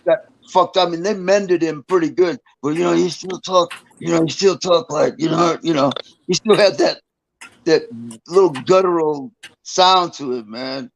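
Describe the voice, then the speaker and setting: With a gravelly voice on the high side, an older man who once served time chats casually as an interview guest. He tells rambling, profane stories about his past at a moderate pace, chuckling between them, and the recording is rough.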